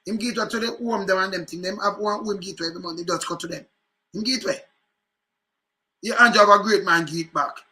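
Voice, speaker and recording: A man with a Jamaican accent giving casual, animated commentary on political news clips, often repeating phrases. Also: sits high, fast talker.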